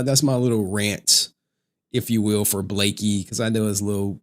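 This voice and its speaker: A man ranting on a livestream in crude slang, laughing often. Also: mid-range voice. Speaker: streamer commentator. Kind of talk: casual livestream rant.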